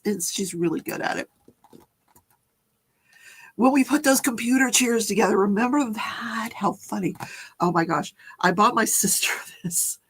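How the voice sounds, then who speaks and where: A woman's voice: a little high, creaky, a bit bright, husky. An older woman hosting a casual live stream, chatty and rambling, laughing often as she talks.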